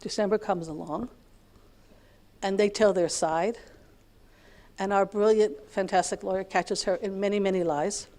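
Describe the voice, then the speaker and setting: A woman's voice: mid-range voice, steady tone, measured pace, pauses often, mellow. A middle-aged American woman teaching a Torah class, telling a long family story with lots of repetition and Hebrew terms. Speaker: lecturer.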